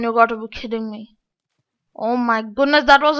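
A woman's voice: fairly high pitch, normal speed, a bit bright. A woman giving casual game commentary, complaining aloud to her viewers in an exasperated way. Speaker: gaming channel host. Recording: dull lo-fi.

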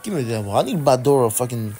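A man's voice: mid-range voice, sing-song, racing, warm tone, faint music behind. A young man commenting on his basketball video game, trash-talking teammates, swearing and repeating himself. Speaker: gaming streamer. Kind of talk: casual gameplay commentary.

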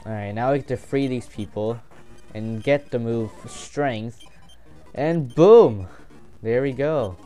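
A young man giving casual, excitable commentary while playing a game, swearing and joking to himself. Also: medium pitch, slow pace, soft background music. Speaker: gameplay commentator.

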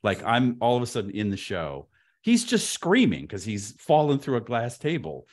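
A man in his fifties, a podcast guest telling an anecdote in an animated way, with frequent stammered restarts. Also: medium pitch, moderate pace. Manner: stammering restarts, lively and expressive.

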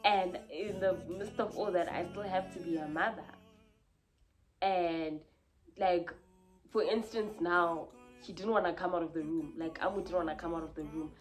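A woman's voice: lowish voice, steady tone, normal speed, faint music behind. A young woman, venting candidly to camera in a confessional vlog, rambling and heartfelt with many fillers and restarts. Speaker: vlogger.

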